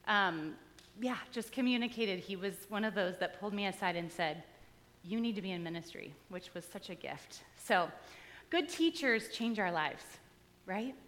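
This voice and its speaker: Slight background noise and long large-hall reverb accompany a woman pastor with a mid-range, a bit bright voice, lively in intonation and a little slow. In her church sanctuary sermon, she tells life stories conversationally with light humor.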